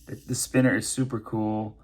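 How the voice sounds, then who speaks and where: A man's voice: fairly low pitch, flat delivery, moderate pace. A man reviewing knives and pens in a casual unboxing, chatty and thinking aloud with many fillers. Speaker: knife and pen reviewer.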